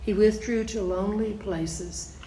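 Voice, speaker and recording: A woman's voice: medium pitch, fairly even intonation, unhurried, dark tone, a little hiss or hum. A woman teaching a Bible study, reading scripture aloud and then explaining it in plain, conversational asides. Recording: echoey room.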